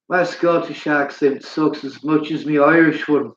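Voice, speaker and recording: A man's voice: fairly high pitch, lively intonation, a little slow. A man hosting a livestream, ranting bitterly in a preachy way and reading out chat comments. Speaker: livestream host. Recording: roomy, dull lo-fi sound.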